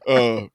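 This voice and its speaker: A man's voice: mid-range voice, no room sound, clean studio sound. A man co-hosting a podcast, recapping a film in casual chat, often laughing and acting out the characters' lines.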